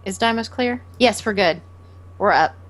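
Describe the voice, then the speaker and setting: A woman co-hosts a casual gaming podcast at an ordinary middle pitch. She relays comments from the live chat and laughs easily. Her talk is informal and friendly. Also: normal speed, soft background music. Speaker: podcast co-host.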